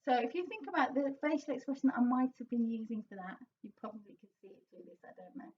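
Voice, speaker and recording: Woman vocal coach, high voice, upbeat teaching, a bit far off on a dull lo-fi mic. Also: lively intonation, fast talker, slight background noise. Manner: encouraging, breaks into sung demonstration lines. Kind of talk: singing lesson, explaining and demonstrating.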